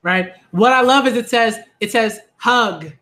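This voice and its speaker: Excitable high-voiced man reacting to manga. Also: normal speed. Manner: excitable, repeats phrases, laughs often. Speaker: manga reviewer. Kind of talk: live reading reaction commentary.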